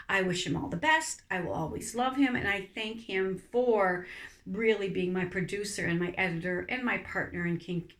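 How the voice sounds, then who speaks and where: A woman's voice: medium pitch, a bit bright. Earnest woman podcast host, candid talk. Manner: earnest, emotional, repeats herself. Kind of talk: candid personal talk to camera. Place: on a couch at home.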